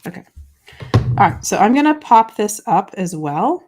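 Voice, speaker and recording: A chatty, bubbly craft show host live-streams a papercraft demo, reading viewer comments aloud and answering them as she works while joking about herself. Her mid-range voice is very animated, a little mellow and husky, at a normal speed.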